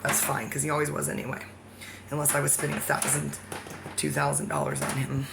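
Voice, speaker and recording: A woman's voice: sits low, sing-song, fairly quick, gravelly, heavy background noise. A woman ranting in a rambling personal vlog, agitated and swearing, jumping from one topic to the next. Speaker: vlogger. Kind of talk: rambling personal rant to the camera.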